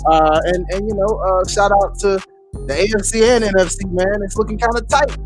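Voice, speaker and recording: A man's voice: high-pitched, a little fast, faint music behind. A man co-hosting a sports podcast, talking football in a brash, playful way. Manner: brash, playful trash talk. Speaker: podcast co-host. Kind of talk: casual sports talk.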